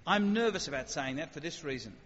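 A man delivers a talk on faith to a gathered audience, animated and conversational, breaking into quick acted asides. His voice sits fairly high. The recording is muffled and dull, carries a long hall reverb and a faint hiss underneath. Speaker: speaker. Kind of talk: evangelistic talk with questions.

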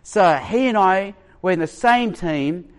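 A man preaching a sermon, animated and acting out quoted voices. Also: sits high, unhurried, clean tone.

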